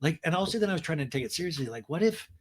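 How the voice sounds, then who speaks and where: Animated man hosting a comedy recap podcast. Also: fairly high pitch, rapid-fire. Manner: animated, giggly, acts out quotes. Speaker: podcast host.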